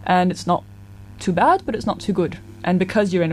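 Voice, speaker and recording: A woman's voice: on the low side, a little fast, a little hiss or hum. A woman in casual conversation who tells stories animatedly, acting out the people she quotes. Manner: animated, acts out quoted voices. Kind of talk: casual storytelling chat.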